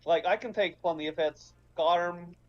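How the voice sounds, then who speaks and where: A man's voice: sits high, unhurried, slight background noise. A man playing a hesitant warrior woman. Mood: worried. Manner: hesitant, laughing, lots of fillers. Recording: dull lo-fi mic.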